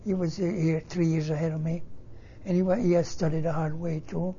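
Older italian guy, broken english, mellow lowish voice, dull old tape. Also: flat delivery, a little hiss or hum. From Northern Italy. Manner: halting, broken-English phrasing. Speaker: interviewee. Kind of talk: oral history interview.

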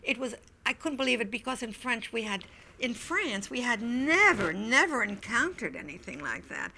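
An older woman, an interview guest, recounting memories in a reflective, halting way. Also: fairly high pitch, sing-song, gravelly, pushed and bright, slight background noise. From Wilmington, Delaware, US. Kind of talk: oral history recollection.

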